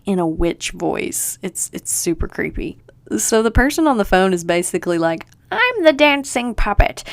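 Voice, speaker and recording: A woman hosting a podcast, talking through a book in a chatty, animated, sarcastic way. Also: on the low side, clear, resonant tone, no room sound. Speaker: podcast host. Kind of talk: casual book-review chat.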